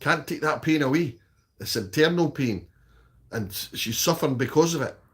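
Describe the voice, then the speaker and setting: A man's voice: a little high, expressive, moderate pace. A man with a Scottish accent chatting casually on a live stream, reading out and answering viewers' comments in a blunt, sweary way and often tagging "okay?" onto his sentences.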